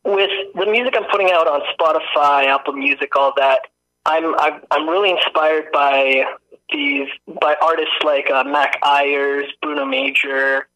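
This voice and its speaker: Bright-voiced young man, easygoing. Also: on the high side, a little slow, poor audio. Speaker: guest singer-songwriter. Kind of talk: casual interview conversation.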